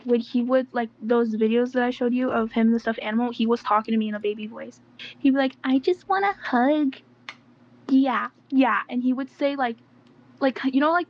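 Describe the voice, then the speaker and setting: A woman's voice: fairly high pitch, steady tone, a little fast. A young woman being interviewed, rambling casually with lots of "like" and "um" and some slang. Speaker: interview guest. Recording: dull, slightly lo-fi audio with faint noise.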